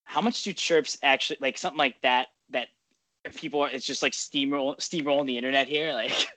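A man's voice: medium pitch, steady tone, brisk, sharp tone, a little hiss or hum. A man hosting a podcast in casual chat, rambling along, swearing freely and laughing often. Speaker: podcast host.

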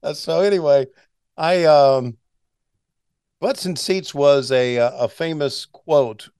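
A man's voice: on the high side, slow, darkish tone, clear, resonant tone, no echo, studio quality. A man in his sixties, a veteran announcer, chatting as a guest and telling stories with restarts and chuckles. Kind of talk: casual interview storytelling.

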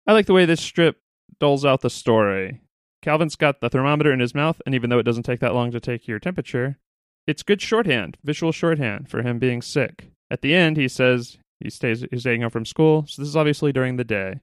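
A man's voice: medium pitch, fairly quick, clear, resonant tone, no room sound, clean studio sound. A man hosting a solo podcast, talking casually with a grumbling, irritated, self-mocking edge. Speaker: podcast host.

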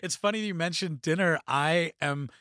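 A man's voice: fairly high pitch, normal speed, pushed and bright, dry recording, studio quality. A man in his thirties, a podcast co-host, asking thoughtful questions in a casual chat and laughing easily.

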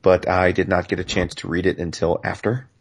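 A man's voice: low-pitched, level tone, slightly rough. A man co-hosting a comics podcast, talking casually and a bit roundabout, with fillers. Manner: measured, talks around his point with fillers. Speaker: podcast co-host.

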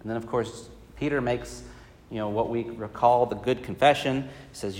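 A man's voice: mid-range voice, fairly even intonation, normal speed, a little mellow. A man teaching a Bible study class, talking conversationally with many fillers and putting questions to the group. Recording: reverberant hall.

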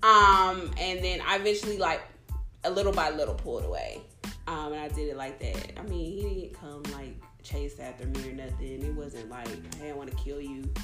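A woman's voice: low voice, lively intonation, normal speed, reverberant, over music. A woman co-hosting a casual chat, candid and swearing freely as she tells a story. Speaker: podcast co-host.

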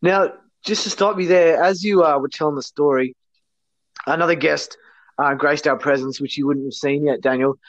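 A man's voice: on the high side, steady tone, normal speed, no echo. A male host chatting casually and putting questions to his guest. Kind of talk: casual podcast chat. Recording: dull lo-fi sound.

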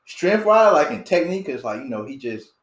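A young adult man, a podcast guest, telling quick slangy stories in casual chat with lots of fillers. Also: fairly high pitch, very animated. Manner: fast, slangy storytelling with frequent fillers. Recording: echoey room.

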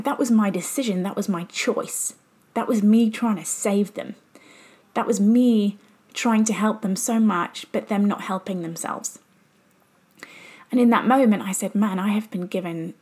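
A woman's voice: mid-range voice, husky. A woman who works as a business mentor gives an earnest, reflective motivational talk and repeats phrases for emphasis. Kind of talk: motivational self-help talk.

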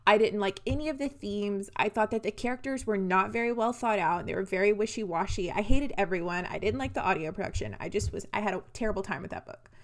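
A young woman co-hosting a casual book-club podcast who rants in an animated way and swears freely. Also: mid-range voice, fast, hardly any pauses. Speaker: podcast co-host.

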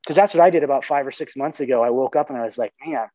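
A man's voice: medium pitch, rapid-fire, warm tone, no room sound. A man in casual podcast conversation, talking earnestly, swearing casually and often restarting his sentences. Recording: dull lo-fi sound.

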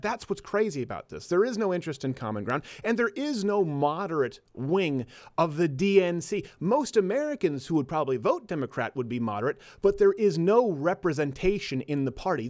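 A man hosting his own show, talking casual political banter in an animated way and laughing often. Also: on the high side, dry recording, clean studio sound. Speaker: host.

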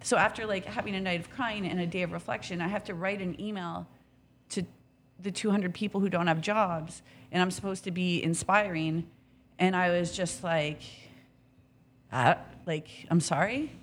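A woman in a casual podcast chat, a restaurant business co-owner telling an animated, candid story and swearing now and then. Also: fairly low pitch, moderate pace, slight background noise.

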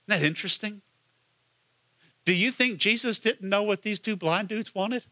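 Male pastor, sermon, bright voice, slightly high, conversational, asks questions, dry close sound. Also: animated, normal speed, dry recording.

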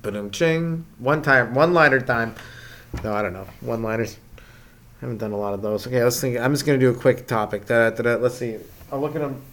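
A man's voice: medium pitch, brisk, a bit bright, slight background noise. A young man from Canada, a stand-up comedian, rambling through a casual comedic rant full of swearing and "like" fillers.

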